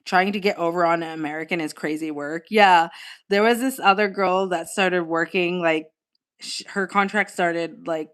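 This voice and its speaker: Young woman, casual live-stream chatter, a little low-pitched, laughs a lot, swears casually. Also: fairly even intonation, normal speed, fairly bright tone, clean tone. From Australia.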